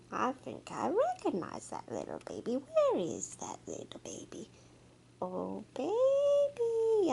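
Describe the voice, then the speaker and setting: Woman doing a hushed mama jaguar. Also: full character voice. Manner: low and hushed, half-whispered. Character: hushed mother jaguar searching for her cub.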